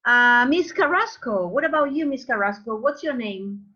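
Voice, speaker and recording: A woman teacher, leading an online English pronunciation lesson, repeating words slowly for her students. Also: a little high, expressive, pushed and bright. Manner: drills sounds slowly, repeating words, calls students babies. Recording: dull lo-fi online call audio.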